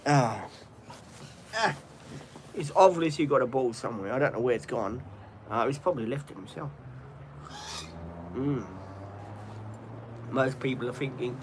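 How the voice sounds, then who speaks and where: A man's voice: medium pitch, unhurried, pauses often, a little hiss or hum. A man chatting casually on his live stream, rambling with lots of ums and restarts.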